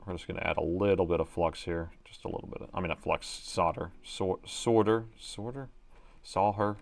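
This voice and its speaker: Working at his indoor repair bench on a live stream, a middle-aged man keeps up casual commentary, mutters to himself, and thinks out loud. He speaks fast in a low, creaky voice with little pitch movement.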